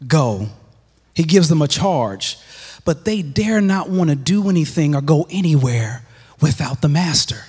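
A man delivering a sermon, his voice sitting a bit high and ringing out with a long church reverb. He presses his points through repetition and sinks into quiet, hushed passages between the louder lines. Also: slightly rough. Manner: emphatic, repeats phrases, drops to hushed lows. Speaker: preacher.

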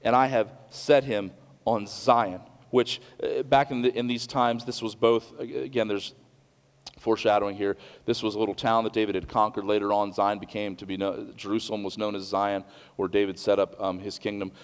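A man's voice: lowish voice, little pitch movement, brisk, clear, resonant tone. Man preaching in a reverberant hall. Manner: earnest, conversational preaching with restarts and asides. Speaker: pastor. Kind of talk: sermon.

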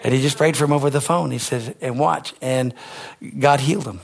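A man preaching a sermon as pastor, animated and conversational, rising to shouts on his high points. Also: a little fast, creaky.

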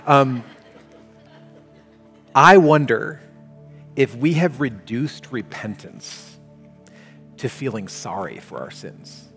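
A man preaching a sermon as pastor, talking in a conversational, animated way. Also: medium pitch, slow, long pauses. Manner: conversational, animated, shifts into quoted voices. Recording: long hall reverb, faint music.

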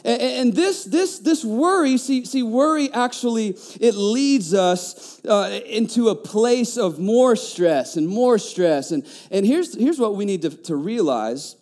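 A man, preaching a conversational sermon, telling stories with lively stammering restarts. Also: high voice, takes it slowly, few pauses. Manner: animated storytelling, stammering restarts. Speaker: pastor.

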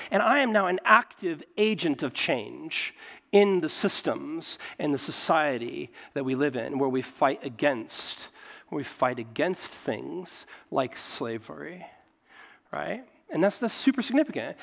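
A man preaching a sermon as pastor, animated and conversational, often checking in with "right?". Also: high voice, vocal fry, in a large hall.

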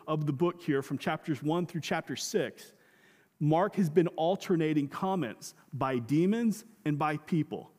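High-voiced preacher in a hall. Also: male voice, darkish tone. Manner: conversational preaching, rhetorical questions, repeats phrases. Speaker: pastor. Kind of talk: sermon.

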